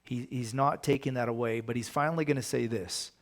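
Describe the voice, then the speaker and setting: A man's voice: medium pitch, fairly even intonation, fairly quick. A man, a pastor, teaching a Bible study in a casual, conversational way, often asking his listeners rhetorical questions.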